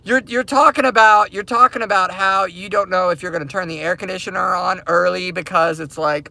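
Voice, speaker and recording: A man's voice: sits high, steady tone, fairly quick, gravelly, few pauses, pushed and bright. A man hosting a crypto mining channel, ranting casually to his viewers from inside his parked car, repetitive and emphatic.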